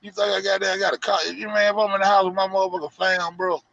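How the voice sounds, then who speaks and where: Man, gravelly, mocking, profane rant, muffled lo-fi audio. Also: high-pitched, level tone, fast, a crowd in the background. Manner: loud, profane, heavy slang, mocking. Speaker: show host. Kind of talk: profane rant to an online audience.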